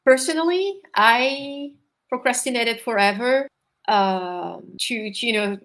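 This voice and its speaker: A woman's voice: on the high side, slow pace, a bit bright. Female interview guest, non-native English accent, hesitant delivery with many fillers. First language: not English. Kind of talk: live interview.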